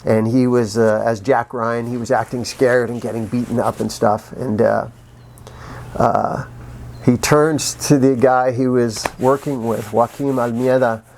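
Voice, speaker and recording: A man's voice: mid-range voice, slight background noise. Middle-aged male actor, casual anecdote teller, restarts a lot, bursts into sound effects. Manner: animated, acts out sounds with vocal effects; frequent restarts and pauses, laughs while telling. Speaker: actor telling behind-the-scenes stories.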